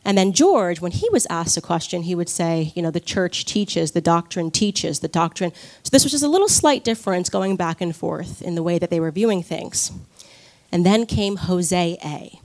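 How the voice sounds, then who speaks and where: A woman giving a personal testimony speech at a conference, telling her story with animated energy, quick laughs and acted-out quotes. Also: fairly low pitch. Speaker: conference speaker.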